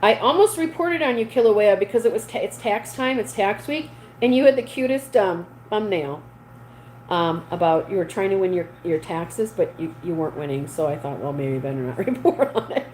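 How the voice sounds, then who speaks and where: A woman's voice: mid-range voice, lively intonation, moderate pace, a little mellow, slight background noise, poor audio. A woman hosting a casual livestream, chatting with viewers and reading their comments aloud. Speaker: livestream host. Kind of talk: casual live chat with viewers.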